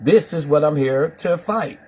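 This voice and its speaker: A man's voice: a little high, measured pace, a little mellow, slight background noise. A man hosting a live stream, pressing his guests with repetitive, preachy questions. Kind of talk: confrontational live call-in chat.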